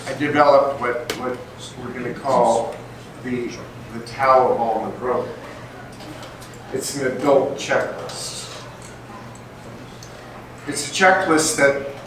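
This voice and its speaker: An older man telling stories to a live audience, lively and full of acted-out voices. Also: mid-range voice, takes it slowly, long pauses. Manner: animated, acts out voices in his stories. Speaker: speaker at an event. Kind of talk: storytelling talk to a live audience. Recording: echoey hall from far off, faint noise.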